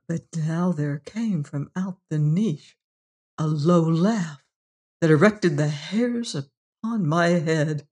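The host of a horror story show, reading a tale aloud in a measured, brooding manner. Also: mid-range voice. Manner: slow, measured, brooding delivery.

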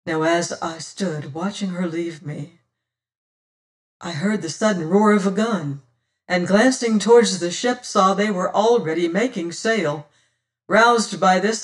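A dramatic first-person audiobook narrator with a mid-pitched voice. The reading swells loud on exclamations and goes hushed in quiet passages. The voice sits back from a distant mic.

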